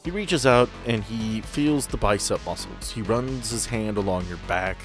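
A man narrating as game master for a tabletop game, setting scenes in an unhurried, descriptive way. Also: on the low side, soft background music.

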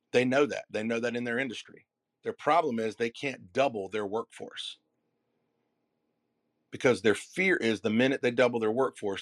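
A man delivers a motivational keynote with a preacher's rhythm, leaning hard on key words and letting dramatic pauses hang before repeating a phrase. His voice sits in an ordinary middle register and sounds dry and close, with almost no room echo. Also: mid-range voice. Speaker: keynote speaker and messaging coach. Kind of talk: motivational keynote to a live audience.

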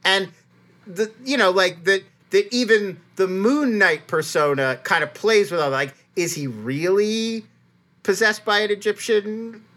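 A man co-hosting a podcast, explaining at length in an animated, rambling way full of restarts. His voice is bright and ringing, and he talks casually. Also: high voice. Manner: fast, animated, many restarts. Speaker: podcast co-host. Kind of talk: casual chat.

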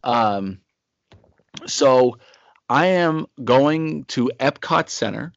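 A man in his forties co-hosting a podcast, spinning a rambling anecdote in a relaxed, chatty way. The audio is dry and a little dull. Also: medium pitch, drawn-out words, gravelly, no room sound. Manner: rambling anecdotal storyteller, acts out quotes. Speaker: podcast co-host. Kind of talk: casual storytelling chat.

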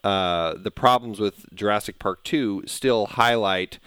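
Male podcast host; low pitch, dry studio sound, thoughtful and hesitant. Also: measured pace, a bit bright, smooth, dry recording. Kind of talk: casual film discussion.

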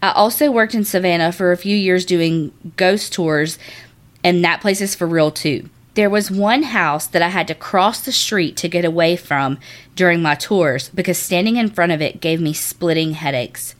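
Lower-pitched woman, animated podcast host. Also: normal speed. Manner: animated, swears, laughs often. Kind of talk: casual chat and reading a listener story.

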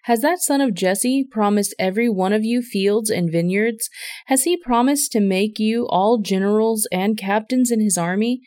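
A woman voicing an angry, paranoid male king who shouts accusations at his men. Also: medium pitch, moderate pace, dry recording, clean studio sound, lightly acted. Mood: furious.

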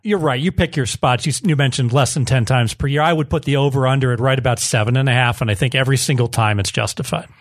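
A man on a betting panel answers the host in short, dry lines. His voice sits at a middle pitch and he sounds relaxed. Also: fast, few pauses. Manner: dry, brief replies. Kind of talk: casual roundtable talk.

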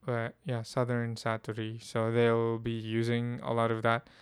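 A man's voice: mid-range voice, completely flat delivery, a little slow, clean tone, no echo. A man casually talking about a film he watched, hesitant and often restarting his sentences. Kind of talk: casual film review chat.

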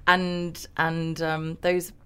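A woman on a podcast panel chatting about a book, lively and laughing as she hunts for words. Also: low-pitched, drawn-out words, clear, resonant tone. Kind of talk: casual book club discussion.

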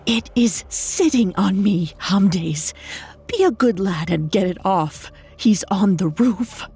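A woman's voice: very high-pitched, fairly even intonation, measured pace, fairly bright tone, pitched above the performer's own voice. A woman voicing a terrified, injured woman of about thirty, who speaks urgently in a pained half-whisper. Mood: fearful whisper.

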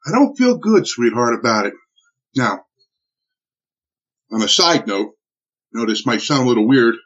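A man recounting a personal ordeal in an interview, animated and full of restarts and acted-out quotes. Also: medium pitch, moderate pace. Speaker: interviewee telling a personal story. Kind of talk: emotional spoken recollection. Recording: dull lo-fi recording.

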